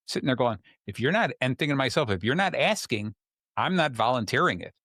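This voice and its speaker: Male podcast host, mid-pitched, talks through acted examples in a dry close sound. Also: lively intonation, fast talker, fairly bright tone, no room sound. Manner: explains with acted-out examples, many fillers. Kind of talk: casual chat.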